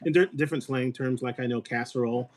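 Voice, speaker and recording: Fast-talking man, rambling casual chat. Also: mid-range voice, fairly even intonation. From Illinois. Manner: rapid, rambling, joking. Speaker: host.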